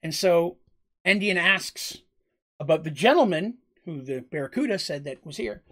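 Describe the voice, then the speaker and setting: Casual male game master, higher voice. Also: lively intonation, normal speed, pushed and bright. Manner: casual, rambling, with restarts. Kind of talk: narrating a tabletop game.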